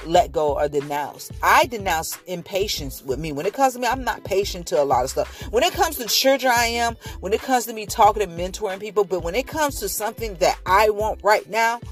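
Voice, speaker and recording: A woman's voice: medium pitch, lively intonation, a little fast, few pauses, soft background music. A woman in her fifties sharing a faith testimony in a casual vlog, earnest and emotional, often repeating herself.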